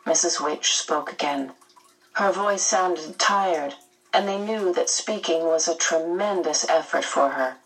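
A woman narrating a storybook chapter aloud in a measured, gentle way. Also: deep voice, recorded from a distance, poor audio. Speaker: audiobook narrator.

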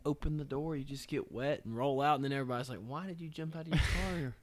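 A man co-hosting a podcast in casual chat, joking and tossing in quick quips. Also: medium pitch. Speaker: podcast co-host.

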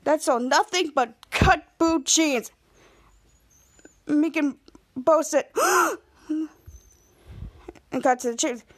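A woman's voice: sits high, slow, long pauses. A young woman casually recapping a TV episode, acting out the characters' lines with gasps and shifting voices. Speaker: podcast host recapping a TV episode.

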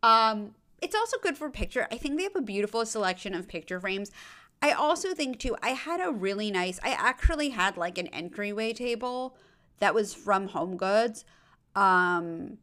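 A woman's voice: mid-range voice, a bit bright. A tired woman hosting a podcast, chatting casually and giving advice with lots of fillers, asides and self-deprecating jokes. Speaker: podcast host.

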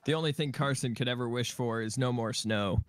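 This is a man from Ontario co-hosting a podcast, crude and teasing, who slips into mock ad reading. His pitch is middling. The sound is very dry and close. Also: brisk, smooth, dry recording. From Ontario, Canada. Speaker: podcast co-host.

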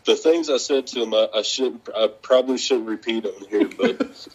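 A man's voice: medium pitch, normal speed, slightly rough, poor audio. A man telling wrestling stories in a casual interview, swearing freely and laughing often as he talks. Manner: profane, laughing, animated storytelling.

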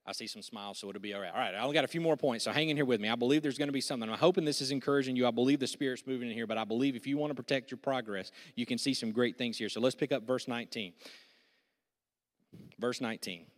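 A male pastor delivering a sermon with energetic, joking delivery and prompts to the congregation. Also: mid-range voice, very fast. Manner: energetic, jokey preaching with audience prompts. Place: church sanctuary. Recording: church hall with long reverb.

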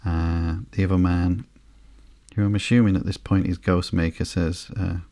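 A man hosting a sleepy podcast, reading through a comic slowly and flatly with frequent ums and uhs. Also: low-pitched, vocal fry, no echo, studio quality. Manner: slow, flat and unhurried, with frequent ums and uhs. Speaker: podcast host.

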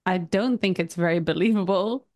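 A woman's voice: lowish voice, normal speed, darkish tone. A woman co-hosting a casual movie review podcast, easygoing and wry, laughing often. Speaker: podcast co-host.

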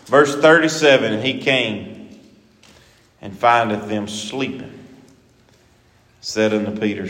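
A man preaching a sermon, lively and acting out the scripture he quotes. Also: lowish voice, a little slow. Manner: animated, acts out scripture quotes. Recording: echoey hall with long reverb.

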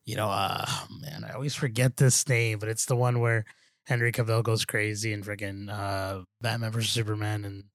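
A man's voice: on the low side, little pitch movement, normal speed, dry recording, studio quality. A man co-hosting a podcast, chatting casually and rambling with lots of fillers, restarts and "dude.". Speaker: podcast co-host. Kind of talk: casual chat.

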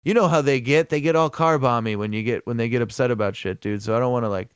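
A man's voice: mid-range voice, quick pace, clean tone, dry recording, clean studio sound. A man co-hosting a casual podcast chat, rambling and profane, often laughing. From American Midwest. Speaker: co-host.

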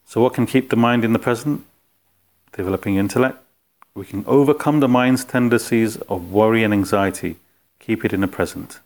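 A man's voice: lowish voice, fairly quick. A man teaching an informal spiritual philosophy class in a conversational way, putting questions to his listeners.

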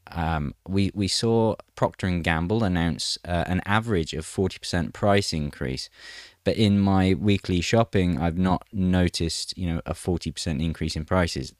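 Low-voiced man reading news casually. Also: no echo, studio quality. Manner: chatty, wry asides. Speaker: news commentator.

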